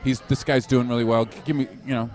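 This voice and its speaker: A man's voice: medium pitch, fast talker. A man, a comedian, telling a story in casual chat, laughing often as he talks. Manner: animated storyteller, laughs often while talking. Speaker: comedian guest.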